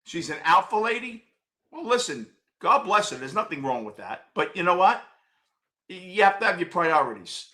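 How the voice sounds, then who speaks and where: A sixty-something man with a New York accent rants through a postgame show, blunt and profane, breaking into shouts. His voice sits high for a man and has a bright, sharp edge. He answers viewers by name between complaints. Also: very animated, normal speed. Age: 60s. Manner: blunt, loud and swearing, often shouting. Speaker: host of a fan postgame show.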